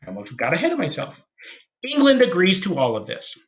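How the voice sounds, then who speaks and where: Man telling history in a lively voice. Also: high-pitched. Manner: jokey storyteller, acts out historical figures in quick voices. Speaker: history teacher. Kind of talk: casual history lecture.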